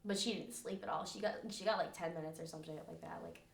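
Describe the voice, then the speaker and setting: A young woman co-hosting a podcast, telling stories in quick, slangy casual chat and often breaking into giggles. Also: fairly low pitch, steady tone. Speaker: podcast co-host. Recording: echoey room.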